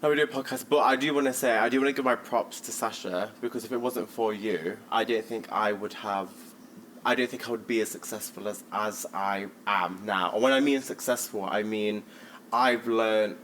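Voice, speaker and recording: A man's voice: fairly low pitch, steady tone, moderate pace, fairly bright tone, slight background noise, rough recording. A young man co-hosting a podcast, chatting casually, joking and telling stories at length. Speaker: podcast co-host. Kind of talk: casual chat.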